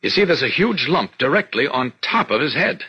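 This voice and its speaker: An actor playing a calm, reassuring male reporter who takes charge, in 1940s radio acting, on a dull vintage radio recording. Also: mid-range voice, fairly quick, slightly rough, full character voice. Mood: worried. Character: mild-mannered male reporter, secretly a superhero, calm and steady.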